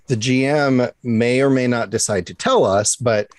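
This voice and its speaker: A player in a tabletop game, relaxed, explaining the rules to the others. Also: medium pitch, a little slow, dry recording, clean studio sound. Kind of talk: tabletop role-play chat.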